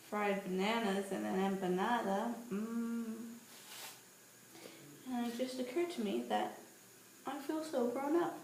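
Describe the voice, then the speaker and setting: A woman in her twenties telling stories in a casual, playful vlog, walking outdoors and holding her camera. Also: on the high side. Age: 20s. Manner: chatty, animated, playful storytelling. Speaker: vlogger. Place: outdoors on a street at night. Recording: roomy echo with faint ambient noise.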